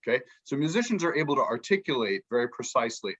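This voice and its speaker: A man, a podcast guest and book author, explaining music ideas in a lively way and acting out quotes from musicians. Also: fairly high pitch, brisk, hardly any pauses, lo-fi sound. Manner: animated, acts out musicians' quotes, many restarts.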